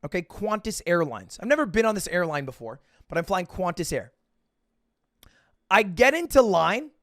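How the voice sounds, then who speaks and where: Streamer guy, kinda high voice, rambly sweary storytime, dry sound. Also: no echo. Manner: rambling, self-mocking, profane, with many restarts. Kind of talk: casual storytelling to stream chat.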